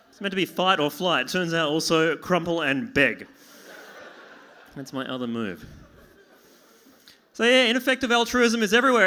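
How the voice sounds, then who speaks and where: Bright high-voiced comedian. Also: male voice. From Australia. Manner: self-deprecating, acts out dialogue with sudden yelps and pleading. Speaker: stand-up comedian. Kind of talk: stand-up comedy set. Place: small pub venue with live audience.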